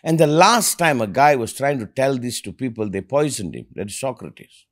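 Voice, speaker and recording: Emphatic man with a lively voice. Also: medium pitch. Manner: passionate, emphatic, acts out quoted dialogue; repeats words when starting a thought. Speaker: podcast host. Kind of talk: conversational interview.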